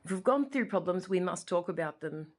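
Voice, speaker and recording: A woman's voice: fairly low pitch, lively intonation, fairly quick. An Australian woman in her forties, talking straight to camera at home in an impassioned, rambling way that often repeats itself. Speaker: vlogger. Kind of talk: emotional personal monologue. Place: living room at home.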